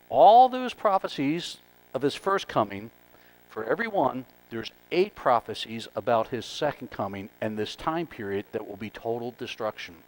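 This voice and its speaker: Pastor guy talking through his sermon point by point, mid-pitched, casual but emphatic. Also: poor audio. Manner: conversational, emphatic, lists numbered points.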